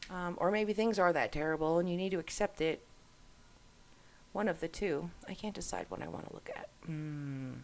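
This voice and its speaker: Middle-aged woman host, low gravelly voice, rambling casual screen-share chat. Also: moderate pace, darkish tone, a little hiss or hum. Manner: rambling, musing aloud.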